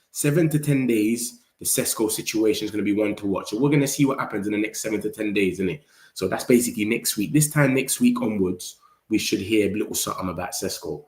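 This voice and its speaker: A man hosting a football channel, chatting casually with viewers in slangy, animated talk. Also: fairly low pitch, reverberant. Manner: slangy, animated, talks straight to chat. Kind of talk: casual live-stream chat reading viewer comments.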